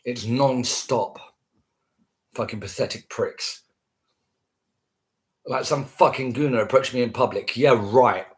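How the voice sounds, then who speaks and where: A man's voice: mid-range voice, slow, long pauses. A man ranting casually to camera, scornful and heavily profane, repeating himself.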